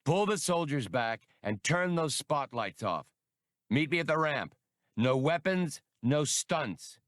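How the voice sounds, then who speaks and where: A man's voice: fairly high pitch, very animated, slow, a bit bright, no room sound, studio quality, voice pushed up, full character voice. A man voicing a cocky male starship captain who speaks in wry, clipped orders. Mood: commanding.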